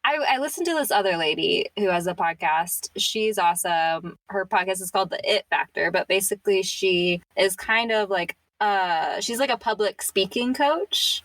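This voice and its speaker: A woman hosts a casual podcast interview with her guest. She is chatty and quick to laugh, and she fills her sentences with fillers. Her voice sits in a middle range, and the recording is close and dry. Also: mid-range voice, a bit bright, dry recording, poor audio. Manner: chatty, laughs often, uses many fillers. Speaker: podcast host.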